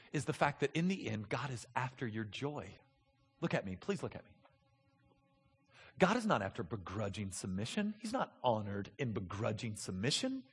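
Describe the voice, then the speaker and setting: A man in his thirties preaching a sermon as pastor, moving between soft, intimate talk and loud, emphatic passages. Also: mid-range voice, breathy edge, long reverb tail.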